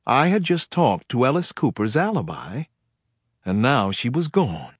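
A man reads a first-person crime thriller in a measured, dramatic way. His voice is husky and moves around a lot in pitch. The recording is dry and close, with no room sound. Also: big pitch swings, no echo. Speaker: audiobook narrator.

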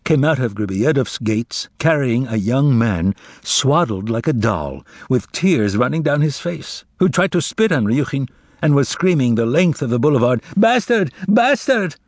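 Male audiobook narrator, lively expressive reading, dry close sound. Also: medium pitch, moderate pace, no echo.

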